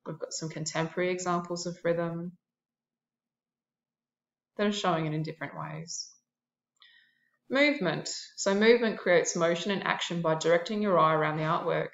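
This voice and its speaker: A woman's voice: on the low side, echoey room, muffled recording. A woman art teacher narrating a classroom lesson, explaining terms and listing examples with a few fillers.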